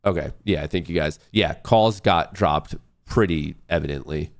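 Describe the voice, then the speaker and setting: A man with a deep voice that has a gravelly, fry-laden edge. He hosts a live trading stream and thinks aloud to his viewers. He mutters to himself as he works at his computer. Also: moderate pace. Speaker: livestream host and day trader.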